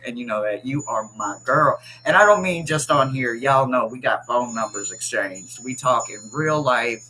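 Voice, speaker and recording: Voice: mid-range voice, expressive, moderate pace, hardly any pauses, sharp tone, faint music behind, rough recording. A tarot reader hosting a livestream, chatting casually, teasing viewers and laughing often while reading the chat aloud.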